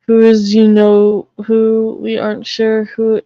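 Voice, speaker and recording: A woman's voice: fairly high pitch, monotone, measured pace, few pauses, mellow, clear, resonant tone, no room sound, highs cut off. A woman from the Boston area chatting casually on her live stream, blunt and swearing freely.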